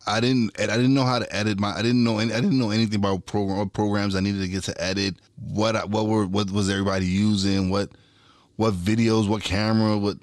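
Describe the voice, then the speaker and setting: A man's voice: on the low side, fast talker, no room sound, studio quality. A man hosting his own podcast, talking in casual chat, swearing freely and restarting his words as he gets fired up. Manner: profane, animated, repeats and restarts words. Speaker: podcast and radio host.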